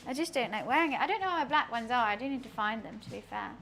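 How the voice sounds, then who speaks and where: A woman's voice: on the high side, lively intonation, very fast, gravelly, a bit bright. A young woman chatting casually on a cooking live stream, rambling through asides in her home kitchen.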